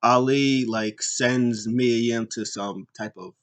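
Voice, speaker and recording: A man's voice: medium pitch, slow. Male host, casual recap, rambling delivery with restarts and fillers, mid-range voice. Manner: rambling, animated retellings with frequent fillers and restarts. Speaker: podcast host.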